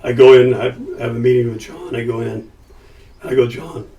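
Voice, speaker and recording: A man's voice: medium pitch, fairly quick, far from the mic, highs cut off. Older man telling a story. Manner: lively, acts out quotes in his stories. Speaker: podcast guest. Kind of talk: casual storytelling.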